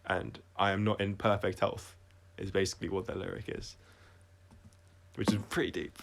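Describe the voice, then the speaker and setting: A man talking through his own songs on a casual livestream, reflective and halting, often restarting his sentences and trailing off quietly. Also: sits low, level tone, creaky. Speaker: singer-songwriter explaining his songs.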